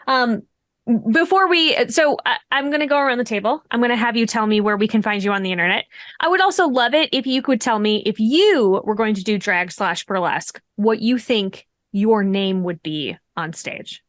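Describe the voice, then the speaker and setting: A woman's voice: a little high, expressive, normal speed, a bit bright, no echo, studio quality. A woman hosting as game master of a streamed tabletop game, chatting in a bubbly way and laughing often. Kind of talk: casual chat at the end of a streamed tabletop game.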